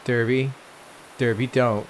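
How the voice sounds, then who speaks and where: Gamer guy, mid-pitched, loose and swearing, talks to the screen; faint background hiss. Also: flat delivery, takes it slowly. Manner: chatty, profane, talks to game characters. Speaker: let's play gamer. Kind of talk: casual gameplay commentary.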